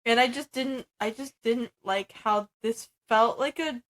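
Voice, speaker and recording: An American woman co-hosting a book podcast, retelling scenes in a casual, animated, giggly way. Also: on the high side, measured pace. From United States. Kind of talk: casual chat.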